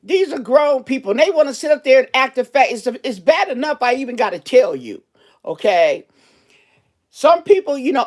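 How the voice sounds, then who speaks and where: A woman who works as a cashier, telling a story in a casual vlog and talking straight to her viewers in a chatty, animated way. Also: high-pitched, normal speed.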